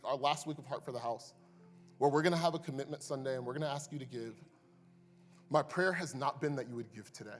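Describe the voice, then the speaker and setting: A man preaching a sermon as pastor, moving between hushed asides and loud, impassioned climaxes. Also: mid-range voice, fairly quick. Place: church sanctuary. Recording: long reverb, faint music behind.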